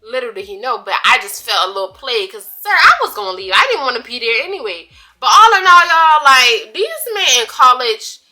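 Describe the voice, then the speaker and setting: A woman's voice: fairly high pitch, fairly quick, few pauses. A young woman in a casual storytime vlog, chatty and dramatic, using slang and talking straight to her viewers. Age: young adult. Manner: chatty, animated, dramatic retelling with asides to viewers; drawled slang, casual speech. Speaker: vlogger.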